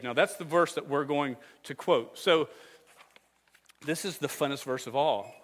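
Playful preacher in a reverberant hall. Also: male voice, a little high. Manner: jokey, energetic, leads the crowd in call-and-response. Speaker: pastor. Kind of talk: playful sermon teaching memory verses with hand motions.

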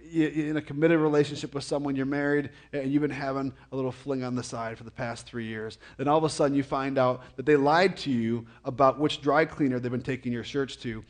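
A man preaching a conversational sermon as a pastor, often repeating and stumbling over words, with jokey, animated asides. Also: mid-range voice, fairly quick. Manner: frequent stammered repetitions.

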